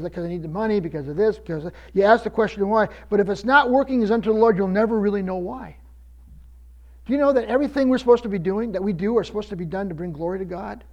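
High-voiced pastor preaching with stammers. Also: male voice, darkish tone, lo-fi sound. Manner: stammering restarts, preacherly emphasis. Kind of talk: sermon.

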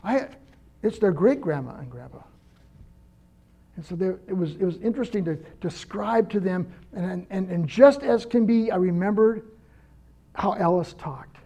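A man's voice: high voice, animated, normal speed, dark tone. An older man preaching a conversational sermon, earnest and personal, telling stories to make his point. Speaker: pastor.

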